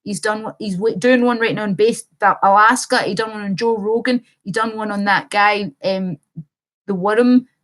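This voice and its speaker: A woman's voice: mid-range voice, normal speed. Rambling woman livestreamer. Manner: rambling, impassioned, swears casually. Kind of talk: livestream chat reading viewer comments.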